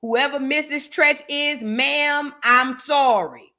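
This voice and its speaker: Woman, casual commentary host, bright voice, slightly high pitch, playful, dramatic. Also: slow. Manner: animated, playful, dramatic, breaks into singing. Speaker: host of a reaction show.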